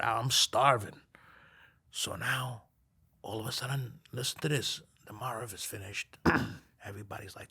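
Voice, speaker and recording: A man as a podcast guest, telling stories in a casual chat, animated and acting out the dialogue with frequent laughs. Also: fairly low pitch, vocal fry, husky. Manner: animated, acts out quoted dialogue, laughs often.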